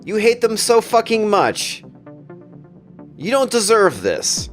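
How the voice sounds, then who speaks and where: A man's voice: sits high, wildly swooping pitch, slow pace, faint music behind, pitched above the performer's own voice, exaggerated voice. A man voicing a male dog-monster villain who sneers and taunts his foe. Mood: taunting.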